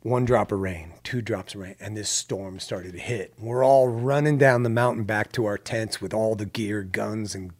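A man telling a story in casual talk, animated and swearing, acting out what people said. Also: on the low side, moderate pace, few pauses. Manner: animated, swears, acts out quotes. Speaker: guest filmmaker.

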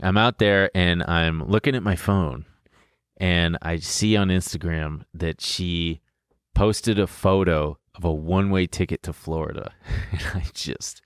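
A young man casually telling a story in an animated way, laughing and swearing as he goes. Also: sits low, unhurried, clear, resonant tone, dry recording, clean studio sound.

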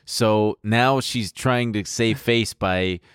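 A man's voice: on the low side, takes it slowly, fairly bright tone, smooth, no room sound, studio quality. A man co-hosting a podcast, chatting casually with blunt, wry asides. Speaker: podcast co-host. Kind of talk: casual chat.

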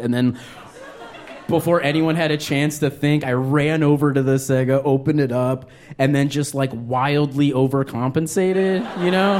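Self-mocking stand-up man, fairly high voice. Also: slight background noise. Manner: rambling, self-mocking storytelling with frequent filler words. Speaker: stand-up comedian. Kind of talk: stand-up comedy set. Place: comedy club stage. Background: audience laughter.

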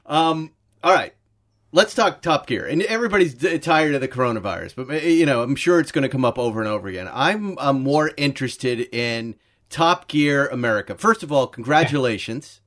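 A man hosting a podcast, chatting casually and reading sponsor ads with lively energy. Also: medium pitch, normal speed, no room sound, clean studio sound. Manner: chatty, animated, laughs often. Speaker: podcast host. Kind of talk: casual chat with sponsor read. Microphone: video call.

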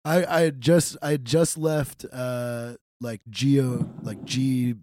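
A man's voice: medium pitch, fairly even intonation, slow, a little mellow, dry recording, clean studio sound. A man telling a service story in casual chat, profane and teasing. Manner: laid-back, profane, teasing. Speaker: podcast co-host, veteran.

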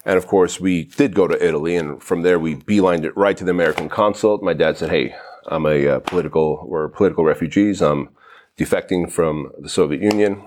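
Deep-voiced guest, animated and blunt. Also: male voice, a little fast, slight background noise. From Armenia. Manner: animated, swears casually, laughs easily. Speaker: podcast guest, entrepreneur. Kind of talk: casual chat.

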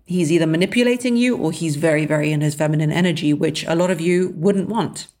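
A woman's voice: deep voice, quick pace, a little mellow. A woman hosting a solo advice podcast, talking in an emphatic, blunt and sardonic way. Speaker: podcast host.

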